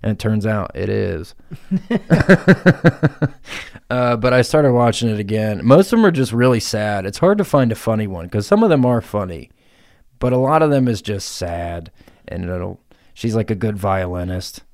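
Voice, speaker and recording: A young man with a low, deep voice co-hosts a podcast in a studio. His banter is crude and casual, full of swearing and quick laughs. The sound is dry and close. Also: animated, creaky, darkish tone, no room sound. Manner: laughs often, swears, jumps into silly put-on voices. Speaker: podcast co-host.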